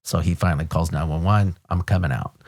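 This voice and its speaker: Deep-voiced American man telling a police story. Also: brisk. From United States. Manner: animated, blunt, swears casually, acts out sounds. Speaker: podcast host, retired police officer. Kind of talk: conversational storytelling.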